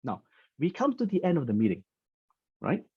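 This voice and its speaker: Husky, chatty man telling a story. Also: on the high side, wildly swooping pitch, moderate pace, no room sound, phone-quality sound. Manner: chatty, stammers and repeats words. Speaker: business presenter. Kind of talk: storytelling talk.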